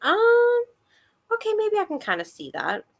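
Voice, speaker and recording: A woman's voice: very high-pitched, huge pitch swings, normal speed, vocal fry. A woman hosting a book club chat, rambling and giggly, with lots of fillers. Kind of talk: casual chat.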